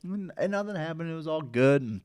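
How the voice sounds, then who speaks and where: A man's voice: a little high, animated, brisk, darkish tone, clear, resonant tone, no room sound, studio quality. A man in a casual chat, laid-back and reflective, swearing offhandedly as he recalls his past.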